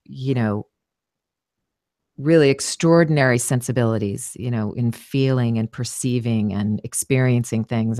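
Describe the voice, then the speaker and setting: A woman voice actress chats thoughtfully as a guest, often pausing on "you know" and starting over. Her voice sits very low for a woman. The sound is dry, with no room echo. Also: a little mellow. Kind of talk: casual interview conversation.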